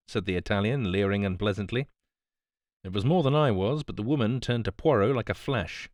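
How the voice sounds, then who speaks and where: A man narrating an audiobook in a calm, measured storytelling voice on a close mic. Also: fairly low pitch, no room sound. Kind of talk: scripted narration.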